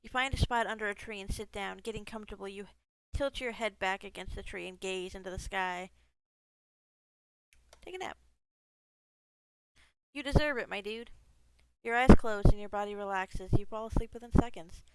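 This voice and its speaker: A woman's voice: medium pitch, steady tone, brisk, hardly any pauses, clear, resonant tone, no room sound, poor audio. A woman gaming streamer reading a text game aloud, breaking off into casual asides, swearing freely and laughing at herself.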